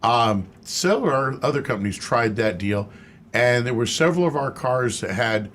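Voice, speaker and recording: Radio auto expert, man, mid-pitched, matter-of-fact. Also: lively intonation, normal speed, a bit bright, slight background noise. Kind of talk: radio call-in chat.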